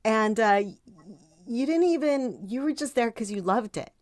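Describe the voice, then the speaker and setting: A woman hosts a podcast interview with plenty of enthusiasm, rambling and often restarting her questions. Her voice sits a little high, and the sound is dry and close, with no room. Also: expressive, moderate pace, darkish tone, no room sound. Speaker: podcast host.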